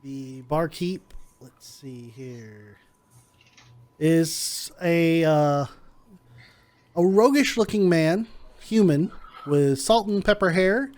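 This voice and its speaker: A man's voice: fairly high pitch, lively intonation, a little mellow. A man narrating a tabletop game as game master, describing scenes and voicing the barkeep. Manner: unhurried, voices the barkeep in quick asides.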